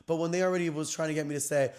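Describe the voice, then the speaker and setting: A young man hosting his own podcast, telling a story in an animated, slangy, gossipy way, often jumping between loud and soft. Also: on the high side, smooth. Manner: animated, slangy and gossipy, with quick swings in loudness. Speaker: podcast host. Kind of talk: casual storytelling chat.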